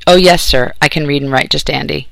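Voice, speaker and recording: Man reading a scared, polite boy prisoner, slightly high and bright. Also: fairly even intonation, a little fast, gravelly, no room sound, poor audio. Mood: nervous. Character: frightened twelve-year-old drummer boy.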